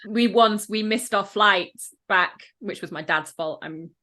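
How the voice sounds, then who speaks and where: A woman's voice: medium pitch, a little slow, sharp tone. Chatty podcast host woman. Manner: chatty anecdote-telling with self-mocking laughs. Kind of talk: casual chat.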